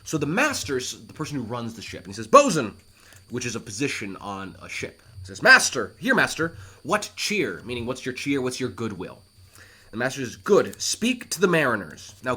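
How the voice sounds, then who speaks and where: A man teaching a play line by line, animated and reassuring, who breaks into acted quotes as he explains. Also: fairly low pitch. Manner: talks straight to the student, reassuring.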